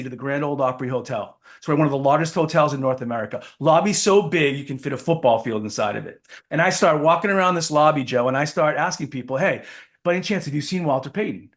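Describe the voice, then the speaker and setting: A man's voice: a little high, quick pace, hardly any pauses. A man in his fifties from New Hampshire, a keynote speaker telling a story as an interview guest and acting out the dialogue. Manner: lively storyteller who acts out the dialogue.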